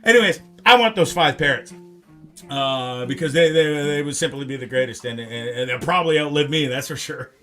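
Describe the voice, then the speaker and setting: A man hosting a live talk show, rambling and animated, swearing freely. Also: medium pitch, a little fast, soft background music. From Canada. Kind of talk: casual live show chat.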